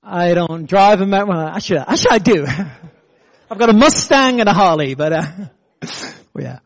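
Animated British preacher, high voice. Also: male voice, normal speed. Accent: British English. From Britain. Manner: animated preaching with self-deprecating jokes and laughter. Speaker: pastor. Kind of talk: sermon.

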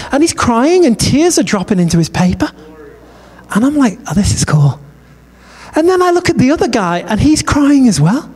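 A man preaching a sermon, telling a story in a conversational, animated way and acting out the dialogue. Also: very high voice. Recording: long hall reverb.

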